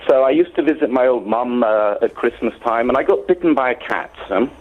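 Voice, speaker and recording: British man phoning in, rambling, halting, heard down a tinny phone line. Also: mid-range voice, expressive, slight background noise. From Britain. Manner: rambling storyteller, many hesitations. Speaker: caller. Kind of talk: phone-in call.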